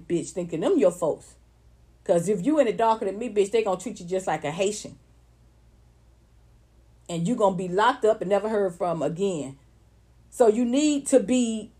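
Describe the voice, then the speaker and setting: A woman's voice: a little high, a little mellow. A woman with ranting bluntly and with a lot of profanity, mocking others in put-on voices as she hosts casual online talk.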